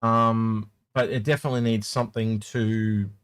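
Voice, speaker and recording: A man's voice: on the low side, little pitch movement, normal speed, smooth, dry recording. A man chatting casually as a podcast co-host, rambling with lots of restarts. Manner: rambling, many restarts, acts out quoted voices. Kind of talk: casual chat.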